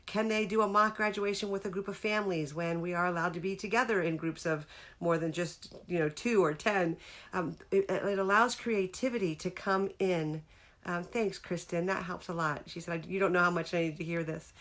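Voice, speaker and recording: A woman's voice: fairly low pitch, moderate pace, fairly bright tone. A middle-aged woman hosting a casual live-streamed talk about feelings, speaking earnestly and breaking off to greet viewers by name. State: tearful near the end.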